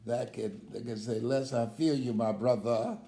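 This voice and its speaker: A man's voice: medium pitch, creaky, warm tone, roomy sound. An older man, a motivational speaker, telling personal stories in a casual live stream and laughing heartily as he talks.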